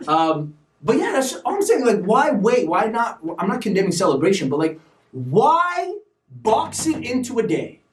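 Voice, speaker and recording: A man hosting a live stream show, talking in an animated, preachy way with sudden loud bursts. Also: high-pitched, moderate pace, echoey room, far from the mic. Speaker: show host. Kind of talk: energetic live-stream talk.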